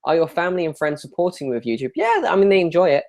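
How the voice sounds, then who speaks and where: A young man with a high-leaning, darkish voice talks fast, his pitch swinging wildly. Hosting a live YouTube Q&A, he rambles casually through viewer questions with a self-deprecating streak.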